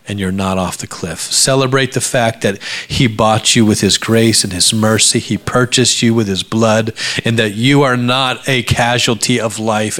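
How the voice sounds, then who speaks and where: A middle-aged male pastor preaching a sermon to his church, jokey and animated, jumping between loud outbursts and hushed asides. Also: lowish voice. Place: church sanctuary before a congregation.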